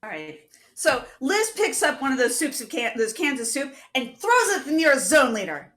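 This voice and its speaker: A woman playing a tabletop role-playing game describes her moves with emphatic energy. Her voice is high and bright. Her pitch moves expressively. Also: big pitch swings, normal speed. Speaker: player.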